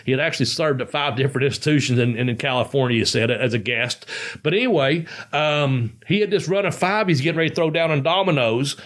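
A man's voice: a little high, quick pace, a bit bright. A man hosting a casual podcast, talking loosely and rambling with plenty of swearing. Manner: rambling, profane, loose storytelling. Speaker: podcast host.

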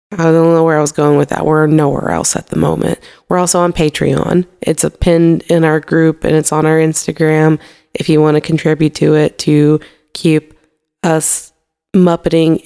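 A woman co-hosting a casual movie podcast with a dry, teasing wit. Her voice is fairly low and smooth, with a strong gravelly fry running through it. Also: flat delivery, a little slow, warm tone. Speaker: podcast co-host. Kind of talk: casual chat.

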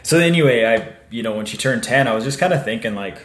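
A man's voice: medium pitch, animated, fast, reverberant. A man co-hosting a podcast, chatting casually and laid-back, full of fillers and swearing. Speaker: podcast co-host. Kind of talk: casual chat.

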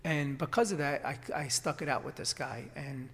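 A man with a slightly high voice recounts his past in a relaxed conversation. He rambles, restarting sentences and filling gaps with ums and "you know". A long reverb trails after his words. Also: moderate pace, vocal fry. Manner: rambling, many restarts and fillers. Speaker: acupuncturist guest. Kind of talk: casual storytelling conversation.

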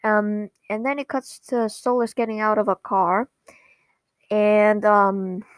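A woman casually recapping a cartoon episode, rambling and halting with many restarts. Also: mid-range voice, level tone, dry recording. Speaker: recap vlogger.

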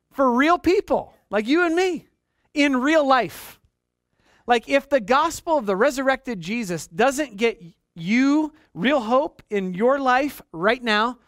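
A pastor in his late thirties with a high voice preaches a sermon in a conversational way, often repeating his words and checking in with listeners. The recording is studio quality with no room sound.

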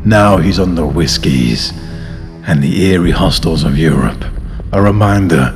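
A man hosting a podcast, reading a mock-horror story in a dramatic, drawn-out way. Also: low voice, long reverb tail, faint music behind. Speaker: podcast host.

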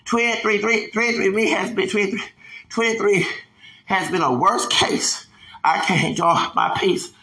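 A man's voice: sits high, measured pace, bright, forceful tone, echoey room, low-quality recording. A man in his forties from Houston, delivering a heated, emphatic podcast rant that keeps hammering the same points. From Houston, Texas. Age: 40s. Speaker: podcast host. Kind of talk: ranting podcast monologue.

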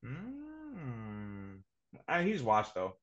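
A male podcast co-host trades casual sports banter, emphatically repeating names and phrases to press his point. His medium-pitched voice swings hugely in pitch and moves very slowly, with a crowd audible behind him. The podcast audio is slightly dull and lo-fi.

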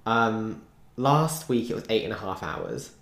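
A man's voice: on the low side, sing-song, unhurried, a bit bright. A man co-hosting a podcast over a remote call, chatting casually and laughing easily. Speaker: podcast co-host. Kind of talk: casual chat. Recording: roomy echo.

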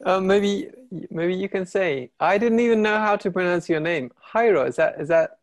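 A man's voice: high voice, moderate pace, no echo. A man in a casual video chat who makes wry remarks and laughs often. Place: in London.

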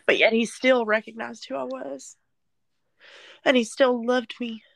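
A young woman appears as a podcast guest, sharing her personal testimony candidly and chattily, at times near tears. Her gravelly voice sits on the high side with a steady tone, she speaks a little slowly, and there's no room sound.

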